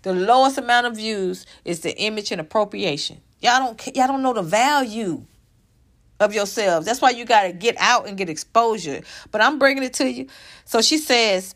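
A woman's voice: mid-range voice, moderate pace, fairly bright tone. A young woman giving heated, profane reaction commentary, scornful and ranting. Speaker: commentary vlogger.

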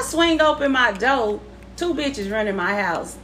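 A woman telling a personal story in a casual, profane, animated way, acting out the people she quotes. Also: sits high, fairly quick, slight background noise.

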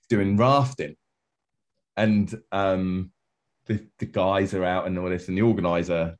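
A man, a podcast guest telling animated anecdotes full of quoted voices. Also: low-pitched. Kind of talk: casual storytelling.

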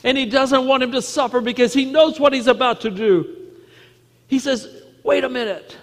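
A man preaching a sermon in earnest, repeating key phrases and dropping to a soft voice at moments. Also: very high voice, fairly even intonation, moderate pace, big-room sound. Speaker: pastor.

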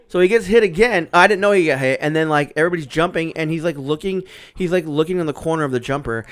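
A man in his thirties hosting a casual podcast, telling a story with lots of swearing and acted-out quotes. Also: a little high. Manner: animated storyteller, swears a lot, acts out quotes. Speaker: podcast host. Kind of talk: casual chat.

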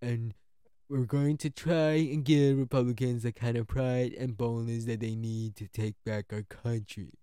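A man doing a comedic impression of a brash, combative older male politician, loud and emphatic. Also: medium pitch, steady tone, clear, resonant tone, dry recording, close to an everyday voice. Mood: rousing. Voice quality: exaggerated, deliberately nasty-sounding impression. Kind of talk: comedic impression within a narrated history talk.

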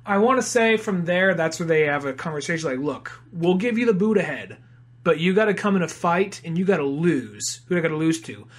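A man's voice: fairly high pitch, expressive, a little fast. A young man co-hosting a podcast, chatting casually and profanely about a movie and acting out jokey bits. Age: young adult. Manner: profane, jokey, acts out villain lines. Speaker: podcast co-host. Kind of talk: casual movie-review chat.

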